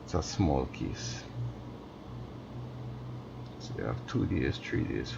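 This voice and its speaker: Tired male streamer, very deep gravelly voice, slow mumbly game commentary, dull lo-fi audio with clear background noise. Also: expressive. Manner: slow, mumbling, talks to himself. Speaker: gaming streamer. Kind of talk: casual gameplay commentary.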